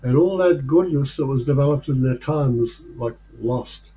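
A man leading a casual study group discussion, talking in a thoughtful, unhurried way with pauses and fillers. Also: medium pitch, warm tone, a little hiss or hum, low-quality recording.

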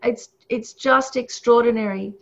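A woman teaches in a loose, conversational way, with frequent laughs and many fillers. Her voice sits a touch high. The recording sounds dull and lo-fi. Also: steady tone, measured pace. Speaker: Buddhist teacher. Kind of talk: casual teaching talk. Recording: muffled lo-fi recording.

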